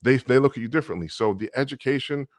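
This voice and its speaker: A man speaking as a guest in an emphatic, animated conversation. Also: medium pitch, fast, no room sound. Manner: emphatic, acts out voices to make points. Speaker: guest artist.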